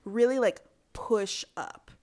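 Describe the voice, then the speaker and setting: A woman's voice: mid-range voice, slow pace, darkish tone. A woman co-hosting a casual chat, telling stories candidly and laughing often.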